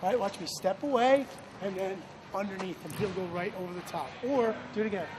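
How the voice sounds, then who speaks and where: A man's voice: high-pitched, brisk. A man coaching lacrosse players at practice, energetically calling out praise and instructions. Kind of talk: on-field coaching. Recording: noisy field recording.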